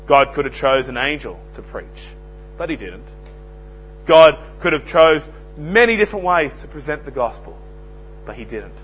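Man preaching, emphatic, loud then hushed, muffled recording, faint hum. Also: medium pitch. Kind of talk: sermon.

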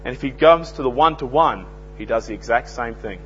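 A man's voice: mid-range voice, lively intonation, a little fast, faint music behind. An earnest young Australian man preaching an evangelistic sermon, telling plain-spoken anecdotes. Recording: dull lo-fi recording with faint hum.

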